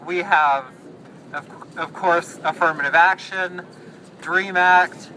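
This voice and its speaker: A man speaking at an outdoor rally, halting, with many fillers and restarts. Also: high voice, fairly even intonation, bright, forceful tone, slight background noise, low-quality recording.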